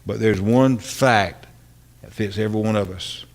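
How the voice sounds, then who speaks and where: A man's voice: on the low side, measured pace. Older guy pastor, earnest heartfelt sermon, lots of repeats and "right?" questions. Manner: earnest, impassioned preaching with repeated phrases and rhetorical questions.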